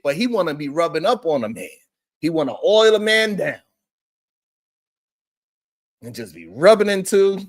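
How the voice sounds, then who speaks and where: A man hosting a live-stream show, giving preachy commentary with frequent swearing and talking directly to his viewers. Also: sits high. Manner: animated, preachy, swears often, talks to viewers. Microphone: streaming setup.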